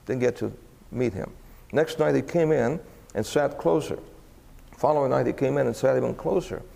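Gravelly preacher telling a story in an echoing hall. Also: male voice, mid-range voice, normal speed. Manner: animated, voice rising for quoted exclamations. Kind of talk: sermon storytelling.

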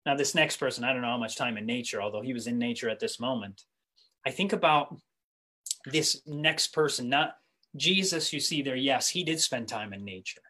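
A man preaching a sermon in a conversational way, often restarting and repeating words, telling stories with animation. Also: mid-range voice. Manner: animated storytelling, speeding up and slowing for emphasis.

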